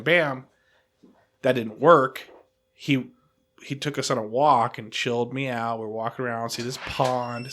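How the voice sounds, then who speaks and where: A man hosting a podcast, telling a long story in casual chat, animated and self-deprecating, acting out what people said. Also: mid-range voice. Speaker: podcast host.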